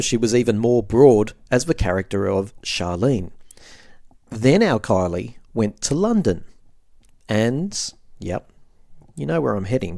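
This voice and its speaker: A man's voice: mid-range voice, gravelly, darkish tone, no room sound. An Australian man hosting a podcast, giving a wry, chatty scripted monologue into a close mic. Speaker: podcast host.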